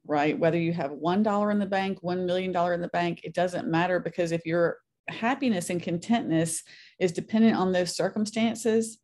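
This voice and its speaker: A woman's voice: lowish voice, darkish tone. A middle-aged woman, a guest on a faith podcast, telling her story earnestly and acting out the voices she quotes.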